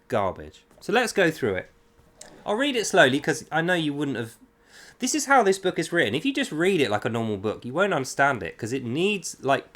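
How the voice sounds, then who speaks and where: A man's voice: mid-range voice, a bit bright. A man hosting a reading with commentary, speaking in a sarcastic, scornful and mocking way. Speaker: host. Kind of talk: reading aloud with critical commentary.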